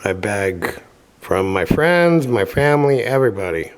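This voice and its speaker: A man voicing a fiery, poor old puppet-maker in a put-on cartoonish Italian accent, loud and exclaiming, raised above his own reading voice. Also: on the low side, sing-song, measured pace, clear, resonant tone. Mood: pleading, eager.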